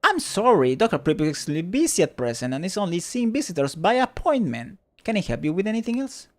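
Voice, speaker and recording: A man's voice: sits high, very animated, fast, pitched above the performer's own voice. A man voicing a rehearsed, bureaucratic female receptionist who trills in a sing-song way while he reads game dialogue aloud. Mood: cool, polite.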